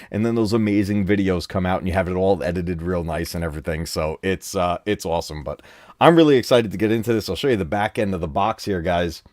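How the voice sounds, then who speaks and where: A man hosting a casual live gaming stream from home, excitable and laughing often as he talks to his chat. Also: lowish voice, no room sound, studio quality. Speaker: gaming channel host. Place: home room.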